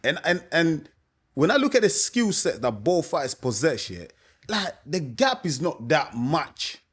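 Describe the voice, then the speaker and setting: A man's voice: fairly high pitch, very animated, a little slow, fairly bright tone, slightly rough. A man, a boxing coach giving his opinion to camera in a casual, emphatic way, often asking "you know what I mean". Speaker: boxing coach and channel host.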